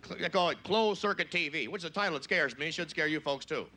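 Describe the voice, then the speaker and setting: A man doing a brash stand-up comedy set on a club stage, shouting high-pitched voices for his punchlines. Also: quick pace. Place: comedy club stage before a live audience.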